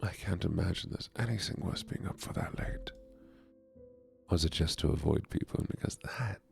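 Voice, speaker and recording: A man's voice: sits low, normal speed, creaky, faint music behind. Whispering man with a put-on German accent. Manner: soft, hushed, often whispering. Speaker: streamer. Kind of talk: soft-spoken ASMR and whispered poetry reading.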